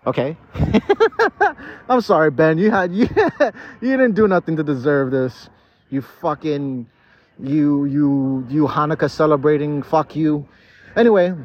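Tipsy, rambling man in a park. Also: a little high. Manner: rambling and profane, with stammered restarts. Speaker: podcast host. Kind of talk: casual drunken monologue. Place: outdoors in a city park. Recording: dull lo-fi outdoor recording.

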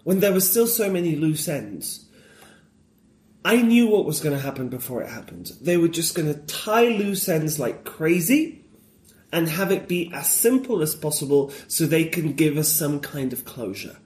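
A man's voice: fairly high pitch, very animated, moderate pace, a little mellow, reverberant. A man talking as a guest in a casual conversation, enthusiastic and opinionated, wandering off on tangents.

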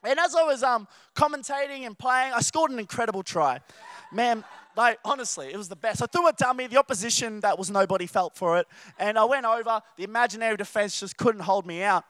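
A man preaching, his voice pitched very high and bright with a forceful ring. He tells stories in an animated way and drops into playful acted-out voices. The sound is dry and close. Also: a little fast, no echo. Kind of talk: sermon.

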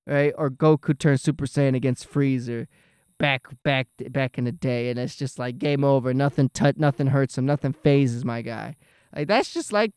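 A man giving a casual, excited, profane reaction to a fight, rambling and restarting his sentences as he talks. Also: medium pitch, clear, resonant tone, no echo, studio quality. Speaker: vlogger.

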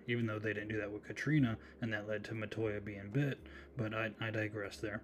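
A man's voice: lowish voice, little pitch movement, brisk, slight background noise. A man hosting a solo horror movie podcast, casually retelling a film's plot with chatty asides. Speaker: podcast host.

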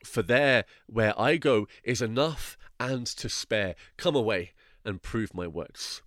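An earnest pilgrim weighed down by his burden, pleading slowly in a low, solemn voice, as a male reader gives him life. The delivery is dry and close, unhurried and grave. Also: a bit bright, dry recording. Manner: solemn, archaic phrasing.

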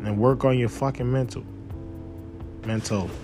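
A young man hosting a casual talk show, telling loose, profane stories in a relaxed way that breaks into loud, animated outbursts. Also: mid-range voice, measured pace, over music. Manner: relaxed, laid-back while smoking. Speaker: podcast host. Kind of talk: casual storytelling monologue.

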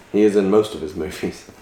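A man's voice: deep voice, warm tone. A man chatting casually about a film, laughing often and agreeing with his co-host. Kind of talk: casual movie discussion. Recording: echoey room with faint noise.

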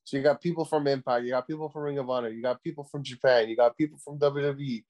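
A man co-hosting a casual podcast chat, excitable, swearing freely and padding his talk with filler words. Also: medium pitch, fast talker. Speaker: podcast co-host.

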